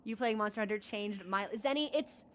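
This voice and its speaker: A young woman with a mid-range voice chats a little fast to the viewers of her livestream from her computer desk. She's earnest and rambling, with many restarts and plenty of "like"s.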